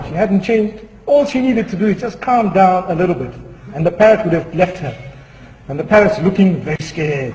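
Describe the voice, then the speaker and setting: High-voiced preacher in an echoing hall. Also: male voice, darkish tone. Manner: measured, chuckling, moralizing. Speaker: Islamic preacher. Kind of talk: sermon with humorous storytelling. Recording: echoey hall with faint noise.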